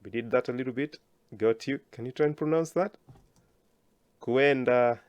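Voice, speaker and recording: A man teaching a language lesson, slowly enunciating words for learners to repeat and praising them often. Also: medium pitch, a little mellow, clear, resonant tone, dry recording, lo-fi sound.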